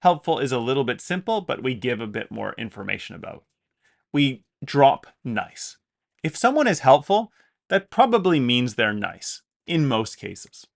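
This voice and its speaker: A man's voice: mid-range voice, big pitch swings, normal speed, gravelly. A man, a native English speaker, teaching an online English lesson, patiently explaining example sentences with fillers and self-corrections.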